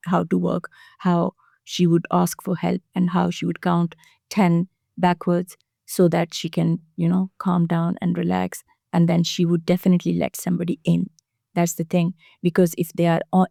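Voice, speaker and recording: Low, gravelly-voiced foster carer woman. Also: warm tone, dry recording, studio quality. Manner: earnest, halting with frequent fillers and restarts. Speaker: foster carer, podcast guest. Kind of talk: casual podcast conversation.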